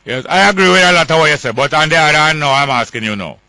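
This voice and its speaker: A man with a Jamaican accent hosting a call-in radio talk show, firm and quick to cut callers off. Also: fairly high pitch, expressive, sharp tone.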